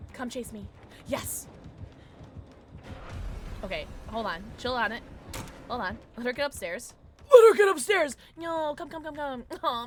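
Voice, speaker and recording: A young woman streaming a game, chatting with viewers casually, jumpy and excitable, swearing and shrieking when scared. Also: a little high, slight background noise. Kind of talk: casual gaming livestream chat.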